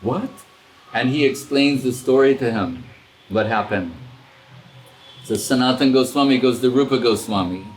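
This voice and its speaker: A man's voice: medium pitch, normal speed, a little hiss or hum. Roomy-sounding male storyteller. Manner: animated storyteller, acts out quoted dialogue, chuckles. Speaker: spiritual teacher. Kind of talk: casual storytelling discourse. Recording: roomy echo with faint ambience.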